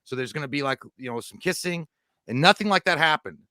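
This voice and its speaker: Male co-host, talks fast, rambling and joking, dry close sound. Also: a little high, animated, sharp tone, dry recording. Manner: rambling, joking, full of asides and restarts. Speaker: podcast co-host. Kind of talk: casual live-stream banter.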